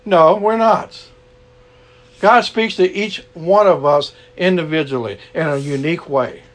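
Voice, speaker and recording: A man's voice: a little high, a little slow. A man preaching an earnest sermon to an online gathering, repeating his key lines and closing in prayer.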